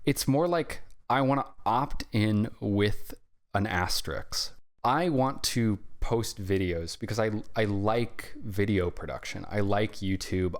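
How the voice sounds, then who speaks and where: A young man talking to camera in a rambling, hesitant way, often trailing off and checking in with "right?". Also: sits low. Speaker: artist vlogger. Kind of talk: casual rambling monologue.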